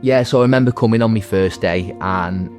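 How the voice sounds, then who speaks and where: A man in his thirties, a veteran and recovery centre graduate, gives earnest personal testimony in a halting way with many restarts. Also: fairly low pitch, over music.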